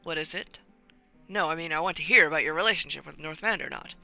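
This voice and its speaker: Courteous probing inspector for a mystery game, read by a streamer, formal phrasing, bright tone. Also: mid-range voice, fast talker, vocal fry, soft background music. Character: polite, probing detective inspector.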